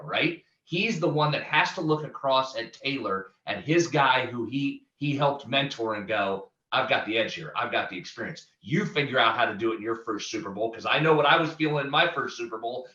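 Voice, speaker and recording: A man hosting a sports betting podcast, talking through his reasoning in casual chat. His voice is bright and forceful at a middle pitch. The recording sounds roomy and a little dull. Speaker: podcast host, betting analyst.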